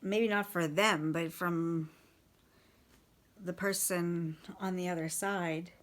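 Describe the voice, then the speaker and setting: A woman casually recounting life with a partner's drinking, halting and swearing bluntly, with many restarts. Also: lowish voice, steady tone. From Canada. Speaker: partner of a recovering alcoholic. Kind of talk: casual personal storytelling.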